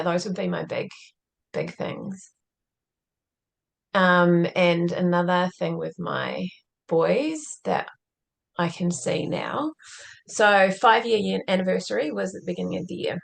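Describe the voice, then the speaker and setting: A woman's voice: lowish voice, vocal fry, a bit bright. A woman as a podcast guest, telling a personal story in an earnest, reflective way and often saying "like". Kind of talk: conversational interview storytelling.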